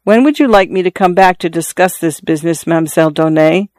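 A man's voice: on the high side, quick pace, a little mellow, no echo, studio quality, close to an everyday voice. A shy, dutiful young peasant man, in a reader's own voice. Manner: hesitant, plain-spoken.

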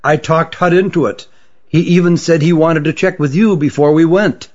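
A man's voice: fairly high pitch, moderate pace, a little mellow, pitched above the performer's own voice, natural voice. A man voicing an eager, persuasive young male Shillito. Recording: dull lo-fi audiobook recording.

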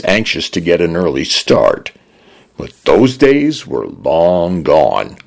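Low, slow male narrator for a radio story hour, very expressive. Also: creaky, slightly rough. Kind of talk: scripted narration.

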